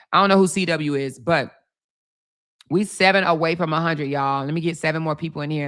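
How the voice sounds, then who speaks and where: A woman's voice: low voice, fairly bright tone. A woman, hosting a casual livestream, reading comments aloud and chatting in a sassy, laughing way, calling viewers baby and y'all. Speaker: livestream host.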